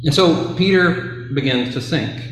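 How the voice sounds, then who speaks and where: A man's voice: a little high, animated, measured pace. A man casually retelling a Bible story, with conversational fillers and playful asides. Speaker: Bible teacher. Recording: very echoey room.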